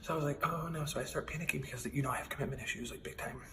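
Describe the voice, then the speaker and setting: A man in his twenties rattles through a comic story at a rapid clip, his voice gravelly with fry. He is chatty and self-deprecating and slips into whispered asides. Faint room noise sits behind him. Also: mid-range voice, fairly even intonation. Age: 20s. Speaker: comedian. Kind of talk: rambling comic storytelling monologue.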